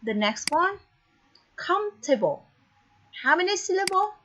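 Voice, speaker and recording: Encouraging woman English teacher, high voice and slow, deliberate delivery. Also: sing-song, bright, forceful tone. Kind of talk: online English lesson. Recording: dull, lo-fi recording with faint noise.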